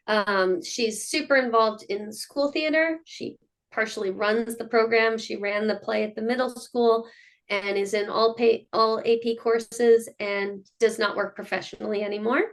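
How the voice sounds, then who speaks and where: A woman's voice: a little high, a little slow. A middle-aged woman, a mother of child performers, telling stories in a casual interview and acting out what people said. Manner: animated storyteller who acts out quotes.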